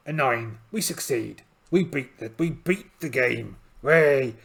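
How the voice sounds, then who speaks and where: A man with a gravelly, creaky voice plays a solo tabletop game aloud and explains the rules as he goes. His pitch sits in an ordinary middle range for a man. He talks in a chatty, rambling way and pokes fun at himself often. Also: expressive, a little slow, a bit bright. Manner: chatty, rambling, self-deprecating. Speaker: solo game player and channel host.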